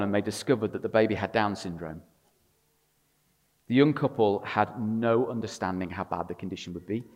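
A man preaching a sermon to a congregation, swinging between loud emphatic passages and quiet, intimate storytelling with a touch of wry humor. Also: lowish voice. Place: church. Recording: long reverb of a large room.

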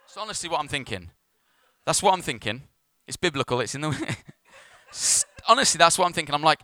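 A man's voice: a little high, sing-song, fairly quick, pushed and bright, no room sound. A man, a pastor preaching a sermon in church and telling a story with self-mocking humour.

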